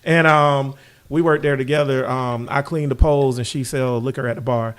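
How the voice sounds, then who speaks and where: A man's voice: mid-range voice, fairly even intonation, moderate pace. A man hosting a podcast, laid-back and joking, with lots of slang and filler words. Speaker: podcast host. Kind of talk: casual interview.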